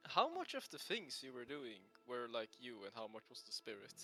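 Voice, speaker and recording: A man's voice: medium pitch, wildly swooping pitch, brisk, bright, forceful tone, faint music behind. A man playing a tabletop game who asks questions and reacts with amusement. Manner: quizzical, amused. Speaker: player. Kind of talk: casual chat at a tabletop game.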